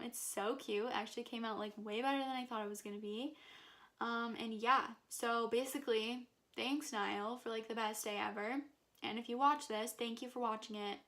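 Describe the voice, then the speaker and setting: A woman's voice: on the high side, gravelly, fairly bright tone. A young woman vlogger gushing through a personal story, packing her talk with "like" and fillers. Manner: gushing, filler-heavy with constant "like". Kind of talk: excited personal story vlog.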